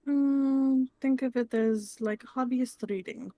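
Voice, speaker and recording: A woman playing a calm advising woman. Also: sits high, no room sound, voice pushed up. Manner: calm, measured, gently stern.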